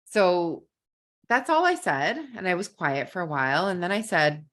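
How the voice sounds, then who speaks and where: A woman with a slightly low voice who teaches kindergarten, presenting a live parenting masterclass online. She tells her classroom stories earnestly and often repeats a word while gathering her thoughts. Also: sing-song, moderate pace, a bit bright. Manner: earnest, storytelling, repeats words while thinking.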